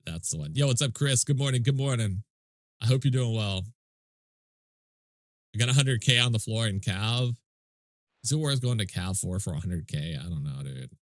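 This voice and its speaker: Man, stuffy nose, laid-back game streamer, lowish voice, dry close sound. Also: lively intonation, moderate pace, long pauses, no echo. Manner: laid-back, swears, chats with viewers. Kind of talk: casual livestream commentary.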